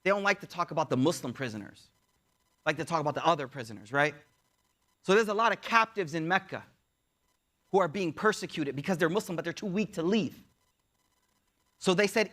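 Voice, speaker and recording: A man teaching as he tells a story in a lecture, animated and speaking straight to his audience, acting out the voices. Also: on the high side, a little fast, long pauses. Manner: animated, addresses audience directly, acts out voices. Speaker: Islamic teacher.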